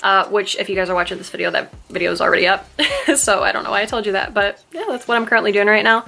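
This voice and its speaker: A woman's voice: mid-range voice, pushed and bright. A woman in her twenties chatting casually to camera for her vlog, with many fillers and a slight lisp. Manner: chatty, lots of "like" and "uh". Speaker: vlogger.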